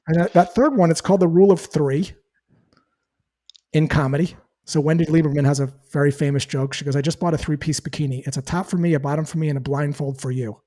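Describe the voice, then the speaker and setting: Male sales coach, raised pitch, mellow warm tone; explains and role-plays phone objections. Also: fairly quick. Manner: explains with acted-out call examples. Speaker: sales trainer. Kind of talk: interview answer, teaching tone.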